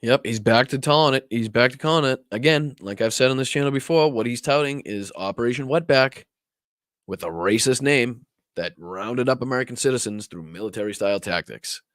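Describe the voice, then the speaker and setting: A man's voice: medium pitch, fairly quick, a bit bright, no room sound, studio quality. A man with a Boston accent hosting a live-stream political commentary show, talking in a profane, sarcastic, rambling way.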